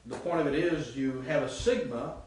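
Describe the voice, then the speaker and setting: A man's voice: medium pitch, moderate pace, a little mellow. A male Greek professor giving a chatty classroom lecture, quizzing his students and sounding out words. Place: seminary classroom. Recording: echoey classroom, mic far off, faint hiss.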